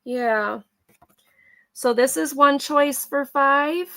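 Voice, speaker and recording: A woman's voice: high-pitched, drawn-out words, gravelly, pushed and bright. A middle-aged woman hosting a live vintage photo sale, chatting casually as she describes each item. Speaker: host selling vintage photos.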